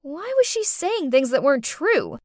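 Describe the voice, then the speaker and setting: A young woman narrating a first-person animated story in a dramatic, exclaiming manner. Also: high voice, normal speed, no room sound, clean studio sound. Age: young adult.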